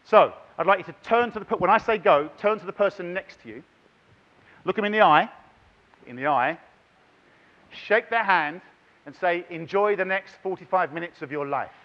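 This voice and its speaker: A middle-aged man giving a lively, chatty conference talk and directing the audience. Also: high-pitched, moderate pace, long pauses, muffled recording. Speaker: conference plenary speaker. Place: large conference hall.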